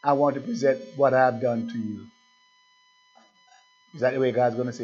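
A male pastor preaching a sermon in an animated way, firing rhetorical questions at the congregation. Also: mid-range voice, normal speed, long pauses. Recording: dull lo-fi recording with faint music.

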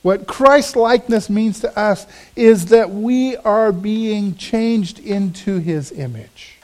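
A man's voice: high voice, slow, darkish tone. A man, a pastor, preaching a sermon, telling a personal story in an earnest, storytelling way with emphatic swells.

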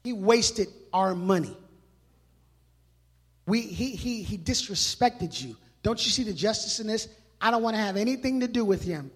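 A man voicing a sullen, resentful older brother who refuses to celebrate, with a high voice in a reverberant hall. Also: expressive, normal speed, breathy edge. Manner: sullen, grudging. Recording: long reverb of a large hall.

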